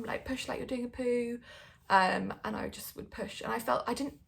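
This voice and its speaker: A woman's voice: on the high side, brisk, creaky. A young woman telling a personal story in a candid, chatty way. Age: young adult. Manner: candid, chatty, lots of likes and ums. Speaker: vlogger.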